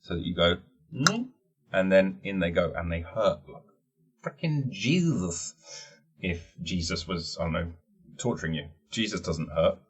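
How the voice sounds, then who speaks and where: Low, husky podcast host, rambling jokey monologue with plenty of swearing. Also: male voice, fairly even intonation, normal speed. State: wearing teeth-straightening trays. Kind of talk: casual solo podcast chat.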